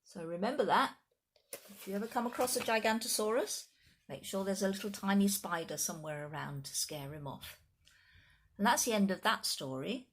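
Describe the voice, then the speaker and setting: Speaking at a moderate pace in a medium-pitched voice, a woman gives a lively storytime reading of a children's picture book. She chats with the kids listening in between parts of the story.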